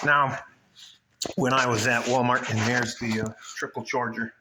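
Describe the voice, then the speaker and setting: A man's voice: mid-range voice, steady tone, unhurried, echoey room, a crowd in the background. A man chatting in a rambling, casual vlog outdoors by his house, swearing and laughing as he talks. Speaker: vlogger. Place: outdoors at home, by his car.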